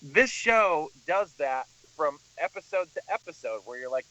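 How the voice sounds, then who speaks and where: A man co-hosting a podcast, his voice bright and forward with lively ups and downs. He talks with eager enthusiasm. His mic sounds dull and lo-fi. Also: high voice, normal speed, few pauses. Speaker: podcast co-host. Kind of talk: casual movie review chat.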